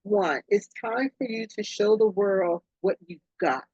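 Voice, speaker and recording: Brief: effusive woman host reading oracle cards, husky and breathy, on a dull, dry home recording. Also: measured pace, dry recording. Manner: effusive, excitable, swoops up and down in pitch. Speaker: podcast host, oracle card reader. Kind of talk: casual spiritual card reading.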